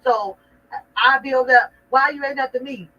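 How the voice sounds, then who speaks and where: A woman's voice: sits high, steady tone, measured pace, bright, forceful tone, recorded from a distance. A woman hosting a livestream, ranting casually in a mocking, rambling and profane way. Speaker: livestream host. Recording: dull lo-fi sound from off-mic.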